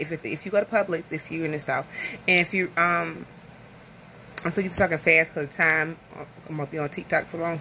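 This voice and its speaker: A woman's voice: fairly low pitch, fairly bright tone, slight background noise. A woman from the American South chatting casually to camera over lunch at home, rambling and nervous. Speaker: vlogger. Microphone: phone camera.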